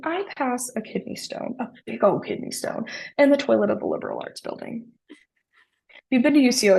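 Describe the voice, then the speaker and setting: Gravelly woman telling dry-humored stories. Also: on the high side. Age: 30s. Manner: dry humor, animated retelling. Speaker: guest. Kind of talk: casual storytelling.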